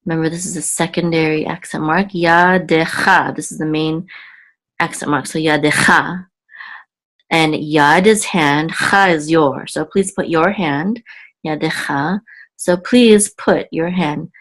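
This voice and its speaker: A woman's voice: low voice, fairly even intonation, measured pace. A woman teaching Biblical Hebrew word by word, patient, repeating each word and checking in with "okay?". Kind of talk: word-by-word Hebrew reading lesson.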